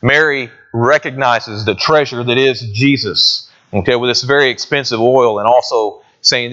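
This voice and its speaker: A man's voice: medium pitch, moderate pace, hardly any pauses, bright, forceful tone, dull audio. A man preaching a sermon in a conversational way, often asking his listeners questions. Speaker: pastor.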